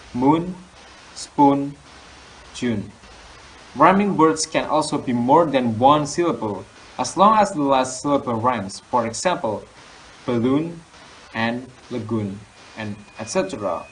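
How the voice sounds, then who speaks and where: A young man, a student teacher giving a lesson on poetry, reading definitions slowly with fillers and restarts. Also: medium pitch, fairly bright tone, slight background noise, rough recording. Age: young adult. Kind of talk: classroom lesson explaining poetry.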